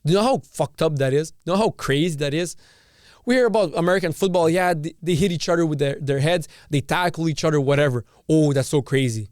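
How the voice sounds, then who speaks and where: A man's voice: fairly high pitch, fast, a little mellow, no echo, studio quality. Ranting, profane male podcast host. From Canada. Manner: ranting, profane, repeats and restarts phrases. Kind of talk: casual opinion monologue.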